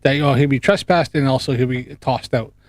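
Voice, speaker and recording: A man's voice: medium pitch, fairly quick, a little mellow, no room sound, studio quality. A man hosting a casual reaction commentary, chatty and mocking, often laughing. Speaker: host.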